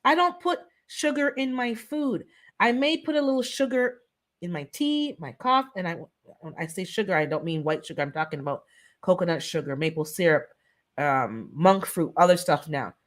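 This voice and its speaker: A woman's voice: fairly low pitch, animated, normal speed. A woman of Caribbean and Jamaican descent hosting a casual live-stream chat, earnestly pleading with her viewers and repeating herself for emphasis. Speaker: host of a live wellness chat.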